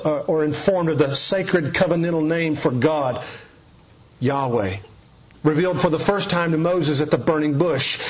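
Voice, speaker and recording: A man delivers a sermon with a slightly husky, breathy tone. He speaks in a measured teaching way and draws out key words for weight. The recording sounds a little dull and lo-fi. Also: fairly high pitch. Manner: measured expository preaching, slowing for emphasis. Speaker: preacher.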